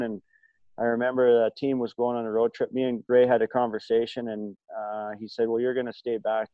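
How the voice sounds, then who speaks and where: A man's voice: medium pitch, no echo. A middle-aged man spins long, rambling stories in casual chat, circling back through fillers and false starts. His voice sits mid-range. The sound is dry and a little dull. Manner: rambling, many fillers and restarts. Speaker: podcast guest, former hockey player. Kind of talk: casual storytelling.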